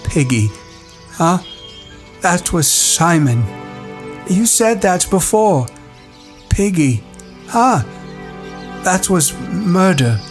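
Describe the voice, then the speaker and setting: Haunted boy leader as voiced by an audiobook reader, low, halting and slow, faint music. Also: very animated, heavily acted. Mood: stricken. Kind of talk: audiobook dialogue.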